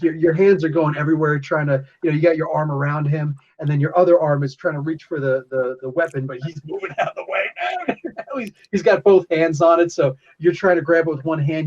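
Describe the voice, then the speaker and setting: A man's voice: a little high, fairly even intonation, brisk, hardly any pauses, a little mellow. A man acting as game master, describing the action in a casual, rambling way with restarts. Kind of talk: running a tabletop game session. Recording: lo-fi podcast audio.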